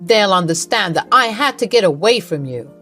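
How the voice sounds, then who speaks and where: A woman's voice: medium pitch, expressive, normal speed, fairly bright tone, faint music behind, close to an everyday voice. A woman voicing a husband who plays at being hurt and angry, firm and cold in a narrated drama story. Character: stern husband faking hurt anger, man.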